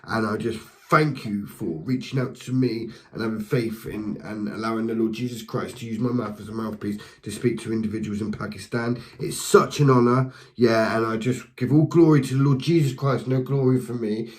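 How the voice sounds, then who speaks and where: A man's voice: fairly low pitch, fairly even intonation, normal speed, few pauses, low-quality recording. A man preaching and giving a passionate spoken testimony, talking directly to listeners with fervour, often repeating and restarting words. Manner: speaks to the listener directly with encouragement. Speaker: lay preacher.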